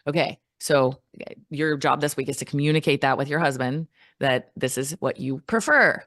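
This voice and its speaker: A woman, a coach and podcast guest, talking in a casual interview and acting out quoted replies in a brighter voice. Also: normal speed, no echo, clean studio sound. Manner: animated, acts out quoted replies in a higher voice.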